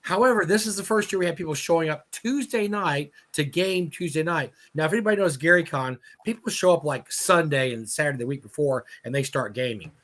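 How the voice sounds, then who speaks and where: A man's voice: a little high, a little fast, hardly any pauses, a bit bright, a little hiss or hum. A man in casual live-stream chat about running a convention, jokey and prone to laughing and restarting sentences. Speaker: convention organizer on panel.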